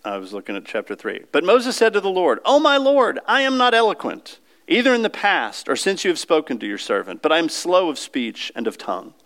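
A man's voice: fairly high pitch, very animated, a little fast, hardly any pauses, fairly bright tone. Man preaching a conversational sermon. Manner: conversational, asks the congregation questions.

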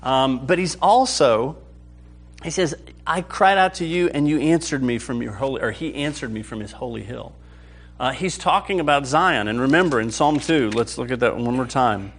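A man teaching a sermon to a live audience, acting out quoted prayers with animated swings in his voice. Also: medium pitch, moderate pace, soft background music. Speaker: preacher.

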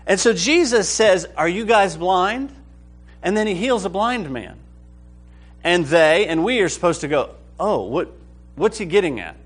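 A man with a slightly raised voice leads a Bible class. He talks with real excitement and keeps checking that everyone is following along. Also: high voice, moderate pace, slightly rough, soft background music. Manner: enthusiastic, keeps checking in with the group. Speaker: Bible study teacher. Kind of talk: lively Bible class lecture.

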